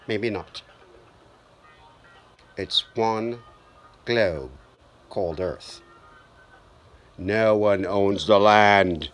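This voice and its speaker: A man delivering a spoken-word preaching monologue, slow and deliberate with repeated emphasis. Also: fairly low pitch, soft background music.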